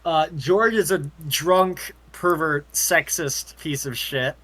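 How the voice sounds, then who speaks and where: Give me a bright-toned young person talking casually and bluntly on a podcast. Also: medium pitch, slow pace. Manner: laughing, blunt, sings snatches jokingly. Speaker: podcast co-host. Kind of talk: casual movie review chat.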